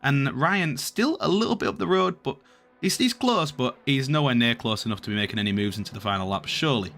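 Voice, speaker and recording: A man commentating a sim race, calling positions and getting excited at incidents. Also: medium pitch, creaky. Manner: excitable, calls positions quickly.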